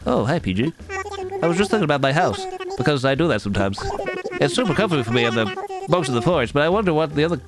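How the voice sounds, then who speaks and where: A man's voice: fairly high pitch, sing-song, quick pace. A man reading out a cheerful, friendly male dog villager's lines in a lifted, chatty voice, over game music. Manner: upbeat, chatty, welcoming. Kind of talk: reading game dialogue aloud.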